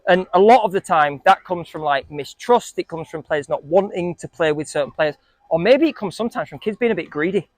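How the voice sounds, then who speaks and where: High-voiced football coach quizzing kids. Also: male voice, fairly quick, no room sound. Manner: lively, questioning, joking with players. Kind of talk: coaching talk to a group of kids.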